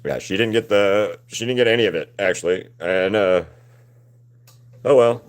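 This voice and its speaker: Streaming artist, young adult man, slightly low voice, rambling and swearing casually as he works. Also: fairly quick. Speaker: artist livestreaming a painting session. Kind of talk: casual chat while painting.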